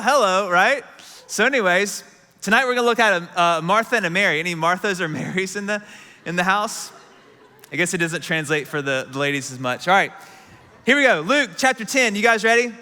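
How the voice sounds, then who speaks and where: Young male preacher, bright and high, chatty with fillers, in a large church auditorium. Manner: chatty, lots of "like" fillers, calls out to the room. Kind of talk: casual sermon. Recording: long reverb from a big hall.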